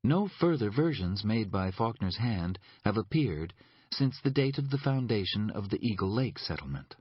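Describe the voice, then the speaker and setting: Husky low-voiced man reading formally. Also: very animated, moderate pace, no echo. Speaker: audiobook narrator. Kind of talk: scripted reading of a document excerpt. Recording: dull lo-fi recording.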